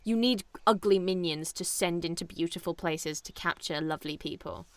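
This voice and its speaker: A woman co-hosting a podcast, chatting casually about a film, animated and laughing often. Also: on the low side, normal speed, no echo. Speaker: podcast co-host. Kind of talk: casual film review chat.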